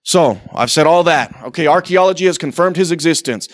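A man's voice: fairly high pitch, brisk, dry recording, clean studio sound. A man preaching a sermon to a congregation in a conversational way, with sarcastic asides and acted-out quotes. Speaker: pastor.

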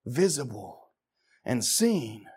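A man preaching a sermon with passion, firing rhetorical questions, shouting at the peaks and dropping to hushed tones. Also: mid-range voice, very animated, slow, slightly rough.

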